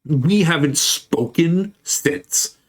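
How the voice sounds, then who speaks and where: A man's voice: a little high, animated, drawn-out words, breathy edge. A man streaming, telling a story in a casual, heated, profane way.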